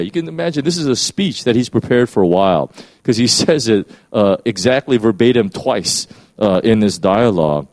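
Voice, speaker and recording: A man's voice: medium pitch, animated, moderate pace, darkish tone, no room sound. A man giving a conversational sermon, often restarting his sentences and acting out the quoted lines. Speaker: preacher.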